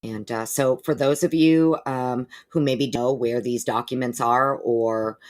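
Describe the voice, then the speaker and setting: Woman, live-stream host; casual, animated, swears freely, calls viewers darling. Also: very deep voice, a little slow. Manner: chatty, profane, greets viewers by name; animated, with exaggerated put-on quote voices.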